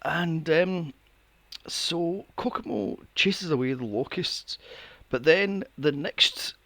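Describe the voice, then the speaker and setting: Animated, swearing man on a podcast. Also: on the high side, slow pace, no echo. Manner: animated, swearing storyteller who laughs. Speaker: podcast co-host. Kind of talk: casual chat.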